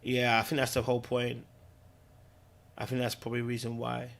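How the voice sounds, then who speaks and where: A man's voice: medium pitch, monotone, a little fast, creaky. Rambling British man chatting casually. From Britain. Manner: loose, rambling, slangy, repeats himself. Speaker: podcast host. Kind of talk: casual livestream chat.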